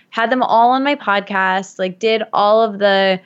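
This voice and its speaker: A woman's voice: medium pitch, unhurried, hardly any pauses, smooth. Chatty woman in her thirties from Michigan, rambling storyteller voice, podcast guest, slightly muffled sound. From Michigan, USA. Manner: chatty, storytelling with many fillers. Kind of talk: casual podcast conversation.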